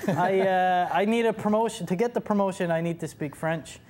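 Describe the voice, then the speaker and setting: A man's voice: high voice, a little fast, a little mellow. A man, an actor guest on a TV talk show, talking playfully with laughs and hesitant ums. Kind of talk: casual TV chat.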